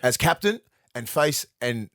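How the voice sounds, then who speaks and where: A man's voice: mid-range voice, a little slow, dry recording, studio quality. An Australian man in his forties, co-hosting a podcast in casual sports chat, telling stories with plenty of swearing. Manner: swearing, animated storytelling. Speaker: podcast co-host.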